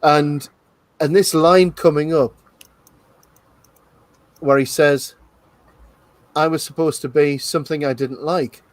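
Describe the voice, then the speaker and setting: A man hosting a live film commentary, chatting casually and slowing down to make his points. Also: on the high side, steady tone, no echo. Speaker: host of live movie commentary.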